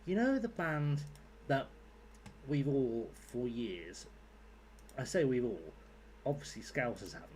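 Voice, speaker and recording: A young man chatting casually to viewers while he streams a game. He rambles and jokes, swearing freely, in a voice of middling pitch. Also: expressive, unhurried, darkish tone, a little hiss or hum. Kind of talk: casual live-stream chat.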